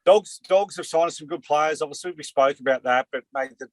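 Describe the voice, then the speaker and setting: A man's voice: fairly high pitch, a little fast, dry recording. A man with an Australian accent, talking in a rambling way in a casual sports chat and saying "mate" and "you know" a lot. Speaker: co-host, former player.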